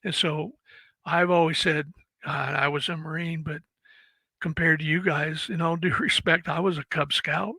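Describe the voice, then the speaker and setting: A man's voice: fairly high pitch, fairly even intonation, moderate pace, gravelly, sharp tone, breathy edge, dry recording, poor audio. A man in his seventies, a former Marine, telling war stories in a casual interview with laughs and swearing. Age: 70s. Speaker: guest, former Marine and actor.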